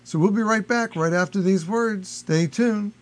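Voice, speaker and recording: A man's voice: high voice, moderate pace. A man hosting a radio interview, polite and encouraging toward his guest. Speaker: interview host.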